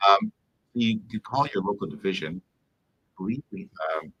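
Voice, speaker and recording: A man, a police officer, hosting a casual livestream Q&A, talking in a rambling, halting way full of fillers. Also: fairly low pitch, expressive, bright, forceful tone, husky, muffled recording.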